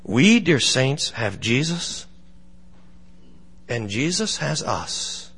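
A man pastor giving a sermon, speaking slowly and deliberately with pauses, in a church. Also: medium pitch, sing-song, vocal fry, a bit bright, breathy edge, big-room sound. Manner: slow, deliberate, with pauses and dramatic storytelling.

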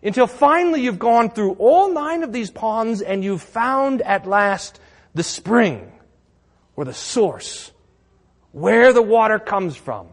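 A man's voice: high-pitched, big pitch swings, slow pace. A male pastor preaching a sermon in an earnest, conversational way, asking rhetorical questions.

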